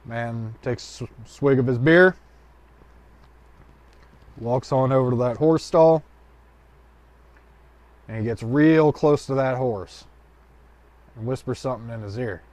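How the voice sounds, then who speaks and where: Man, casual joke storytelling, colloquial, rambling asides, medium pitch, dry recording. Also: takes it slowly, long pauses, darkish tone, no room sound. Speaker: joke teller.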